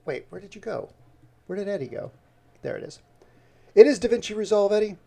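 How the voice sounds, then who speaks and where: A man's voice: sits high, animated, a little fast, creaky, warm tone. A man live-streaming while he edits video, talking to himself as he works and greeting viewers by name in a casual, chatty way.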